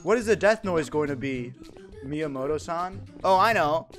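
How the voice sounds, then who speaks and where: A man's voice: fairly high pitch, animated, moderate pace, fairly bright tone, soft background music. A young man streaming a game from home, chatting in a crude, joking, rambling way. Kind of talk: casual gaming stream chat.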